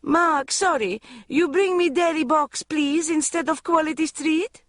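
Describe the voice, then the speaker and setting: A woman's voice: high voice, unhurried, a bit bright, no room sound, studio quality, pitched above the performer's own voice. A woman voicing a foreign female celebrity who calls out in broken, accented English. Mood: pleading.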